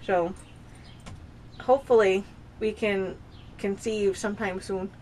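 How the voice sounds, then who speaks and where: A woman in her thirties chats into her camera at home in a loose, confessional vlog. She wanders from thought to thought, restarting sentences as she goes, and her pitch sits in an ordinary middle range. A faint hum of the room hangs behind her. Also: steady tone, slow pace, a little mellow. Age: 30s. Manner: rambling and confessional, with frequent restarts. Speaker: vlogger. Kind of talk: casual personal vlog. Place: home with dogs nearby.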